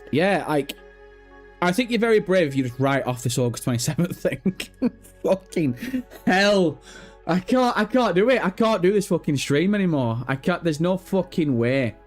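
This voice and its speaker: Sweary man streaming, high voice. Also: expressive, normal speed, faint music behind. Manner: sweary, cracking up with helpless laughter. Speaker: gaming news livestreamer. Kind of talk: casual livestream chat.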